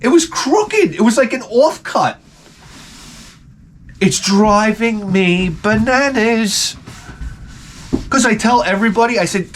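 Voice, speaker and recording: A man's voice: high voice, lively intonation, slow pace, long pauses, a little hiss or hum. A man telling a rambling, profane comic story in a casual rant as a gaming video host. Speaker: retro gaming YouTuber.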